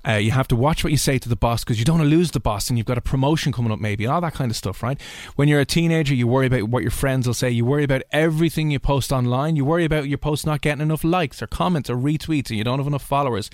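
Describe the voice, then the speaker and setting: Fast-talking Dublin Irish man, dry-voiced. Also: medium pitch, dry recording. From Ireland. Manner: chatty storyteller, mimics people he describes. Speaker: radio host. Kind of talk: casual radio chat.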